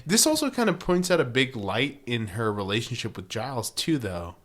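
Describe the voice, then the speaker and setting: A man's voice: very animated, normal speed, a bit bright. Wisecracking male podcast co-host. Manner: laughing, wisecracking, jumps into high mock voices for quotes. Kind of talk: casual chat recapping a TV episode.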